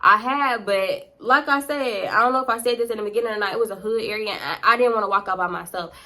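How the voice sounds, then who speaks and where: Animated, bright-voiced woman. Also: mid-range voice. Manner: animated, profane, slangy, dramatic. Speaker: vlogger. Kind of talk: casual storytime. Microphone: close to camera.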